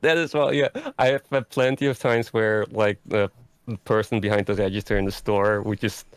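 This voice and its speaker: A man's voice: fairly low pitch, flat delivery, normal speed, smooth, no echo. A man from the Netherlands chatting casually as a guest, hesitant and stammering, with laughs. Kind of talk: casual chat.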